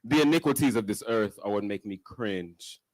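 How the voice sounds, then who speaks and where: A man's voice: on the low side, moderate pace, no room sound, rough recording. A man performing his first spoken-word poem at a live open mic, nervous and self-joking between lines, rhythmic and swelling as he reads. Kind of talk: spoken word poetry reading. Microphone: stage microphone.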